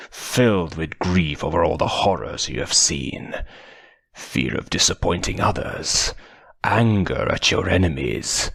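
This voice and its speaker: A man whispering as a slow gloating armored villain. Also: very deep voice, gravelly, a bit bright, no room sound, studio quality, full character voice. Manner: slow, whispery, sing-song taunting. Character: menacing armored male villain, gloating, cruel.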